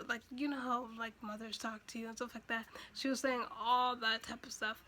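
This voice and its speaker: A woman's voice: on the high side, level tone, moderate pace, few pauses, sharp tone. A young woman telling a personal story in a chatty way, full of fillers and restarts, and emotional at moments. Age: young adult. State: emotional, near tears at times. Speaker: vlogger. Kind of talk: casual storytime.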